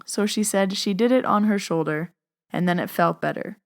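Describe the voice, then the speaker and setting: A woman hosting a podcast, telling a personal story in a chatty, animated way with lots of fillers. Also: medium pitch, moderate pace. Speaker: podcast host. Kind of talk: casual storytelling.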